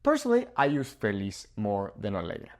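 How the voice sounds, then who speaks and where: Young male teacher, animated pitch, upbeat and joking, whiteboard lesson. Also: fairly quick, creaky. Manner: upbeat, playful, laughs at own jokes. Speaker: Spanish teacher. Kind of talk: video language lesson. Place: room with a whiteboard.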